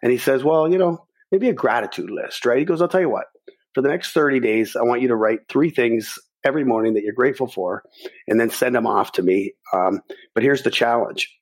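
A middle-aged man, a podcast guest, telling a personal story in a lively way and acting out his own thoughts. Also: medium pitch, fairly quick.

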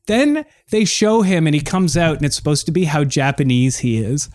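A man co-hosting a comedy podcast, telling an animated story and acting out quoted lines. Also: fairly high pitch, moderate pace, hardly any pauses, no echo, studio quality. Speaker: podcast co-host.

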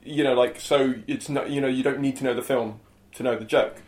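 A young man, a comedian hosting, chatting quickly and breaking off his own sentences. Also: mid-range voice, fairly even intonation, echoey room. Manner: chatty, quick, self-interrupting. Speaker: comedian host. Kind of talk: casual conversation.

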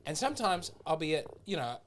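A man's voice: on the high side, big pitch swings, fast, fairly bright tone, slight background noise. A man co-hosting a podcast in casual chat. He speaks reflectively and often trails off mid-sentence. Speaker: podcast co-host.

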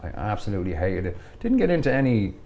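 A man, a podcast guest telling travel stories in a casual, animated way and laughing often. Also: on the low side, quick pace, a little hiss or hum. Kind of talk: casual storytelling.

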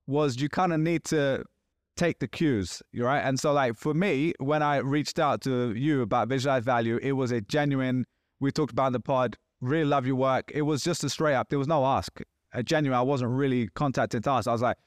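A man's voice: medium pitch, a little fast, dry recording, studio quality. A man co-hosting a podcast in casual chat, talking animatedly and acting out quoted exchanges. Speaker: podcast co-host.

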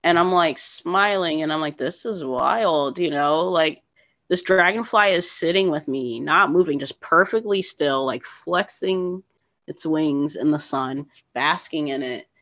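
Woman guest from New Jersey, animated storyteller, dull dry lo-fi audio. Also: low voice, measured pace, dry recording. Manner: animated, emotional storyteller with lots of "like" and "you know". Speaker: podcast guest, thru-hiker. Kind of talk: storytelling in a casual interview.

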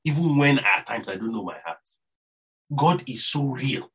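A man's voice: mid-range voice, animated, normal speed, a bit bright, husky. A man with a Nigerian accent preaching a sermon earnestly, repeating phrases for emphasis.

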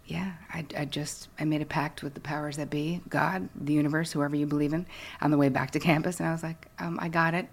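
A woman's voice: deep voice, steady tone, fairly quick, vocal fry, a little mellow, husky. A middle-aged woman telling a personal story as an interview guest, frank and self-deprecating. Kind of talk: candid storytelling.

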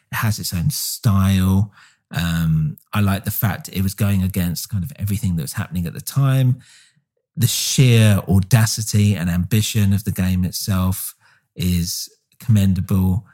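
A man co-hosting a podcast, chatting casually and enthusiastically with lots of fillers. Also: deep voice. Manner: relaxed, filler-heavy, enthusiastic. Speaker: podcast co-host. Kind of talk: casual chat.

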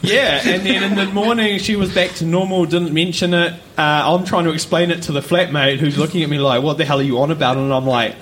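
A man's voice: a little high, a little fast, few pauses, a little hiss or hum. A man, co-hosting a podcast and telling a story casually, laughing and acting out voices as he goes. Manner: animated, laughs often, acts out voices. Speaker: podcast co-host. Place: live recording with audience.

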